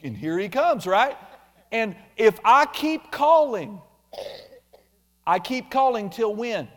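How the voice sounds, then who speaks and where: A man preaching a sermon, animated, acting out quoted complaints in mocking voices. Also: sits high, takes it slowly. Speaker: pastor.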